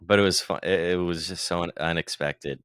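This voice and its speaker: A man's voice: deep voice, steady tone, fairly quick, fairly bright tone, clean tone, no room sound, studio quality. A man co-hosting a podcast in easygoing, jokey casual chat. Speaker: podcast co-host.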